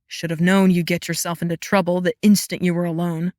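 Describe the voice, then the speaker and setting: Female narrator doing a low-voiced, teasing young male guardian for a fantasy audiobook. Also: normal speed, no echo, close to an everyday voice. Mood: irritated. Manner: dry and mocking, with a low growl. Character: wry, sharp-tongued young male guardian.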